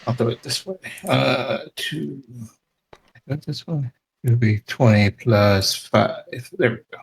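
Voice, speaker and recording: A man playing a tabletop game, chatting casually with laughs and stammers, in a plain mid-pitched voice. He repeats words as he talks. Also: measured pace, vocal fry, husky, rough recording. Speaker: player. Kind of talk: casual chat.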